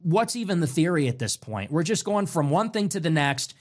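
A man hosting a livestream, reading out donations and answering them in a sarcastic, mocking way that swings from loud mimicry to low mutters. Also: very animated, a little fast. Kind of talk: casual livestream commentary.

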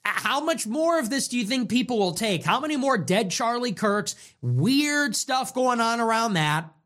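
Young male host, fiery political rant, lots of rhetorical questions, swings his pitch all over. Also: sing-song, a bit bright. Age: young adult. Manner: ranting, rapid-fire rhetorical questions, profane. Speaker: show host. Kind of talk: political monologue.

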